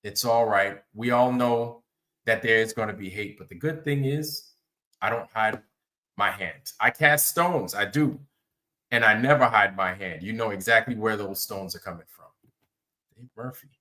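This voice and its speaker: A man's voice: fairly low pitch, normal speed, pushed and bright. A man hosting a livestream, chatting casually, rambling and greeting viewers by name. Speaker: livestream host.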